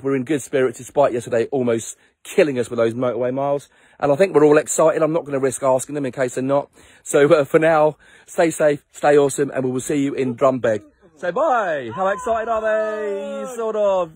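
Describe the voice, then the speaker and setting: Tired, husky-voiced biker vlogging. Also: male voice, medium pitch, a little fast, darkish tone, dry recording. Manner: rambling, self-mocking, chatty. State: tired after little sleep. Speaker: ride leader of a charity motorbike trip. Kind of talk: casual vlog to camera. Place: outdoors on a coastal headland. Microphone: handheld phone camera.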